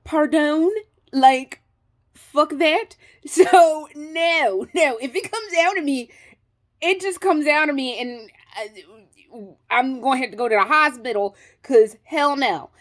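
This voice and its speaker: Animated, profane woman telling a storytime. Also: high-pitched, slow. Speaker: vlogger. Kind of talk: casual storytime monologue.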